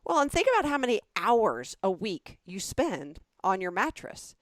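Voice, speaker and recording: A woman co-hosting a podcast in casual chat, talking in a chatty, self-deprecating way with animated asides. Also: medium pitch, normal speed, no room sound, clean studio sound. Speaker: podcast co-host.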